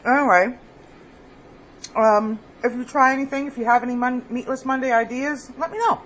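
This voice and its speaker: A woman's voice: high-pitched, moderate pace, a bit bright, lo-fi sound, a little hiss or hum. A woman hosting a home cooking video, chatting casually and laughing at her own kitchen mistakes. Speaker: cooking vlog host.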